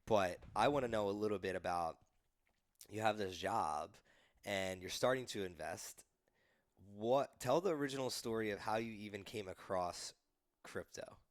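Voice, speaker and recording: A man hosting a podcast interview, asking questions and tossing in quick jokes. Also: on the low side, no room sound, studio quality. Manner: joking, quick asides. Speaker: podcast host. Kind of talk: casual interview chat.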